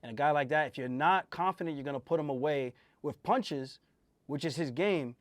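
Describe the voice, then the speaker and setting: Host and fighter, male, emphatic and animated, slightly high voice, dry sound, casual fight talk. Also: normal speed, dry recording. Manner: emphatic, animated, swears freely. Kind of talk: casual fight breakdown chat.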